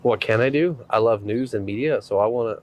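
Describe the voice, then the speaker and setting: A man hosting a podcast interview, speaking in a halting, reflective way with frequent restarts. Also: mid-range voice, a little mellow, a little hiss or hum. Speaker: host.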